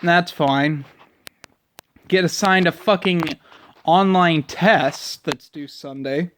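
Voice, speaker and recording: A man's voice: on the high side, takes it slowly, fairly bright tone, slight background noise. Irritated young man ranting, cursing. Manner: profane, irritated griping. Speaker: vlogger. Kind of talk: casual ranting vlog.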